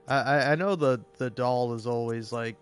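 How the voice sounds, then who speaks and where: A man's voice: medium pitch, moderate pace. A man giving sarcastic, profane, rambling commentary over a video game as he plays. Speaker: gaming video creator. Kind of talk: gameplay commentary.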